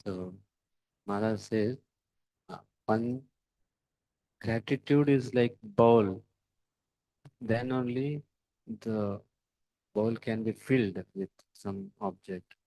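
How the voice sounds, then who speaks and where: A man giving a devotional sermon, speaking in halting phrases with many pauses and fillers and putting rhetorical questions to his listeners. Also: on the low side, dark tone, dry recording, low-quality recording. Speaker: devotional lecturer.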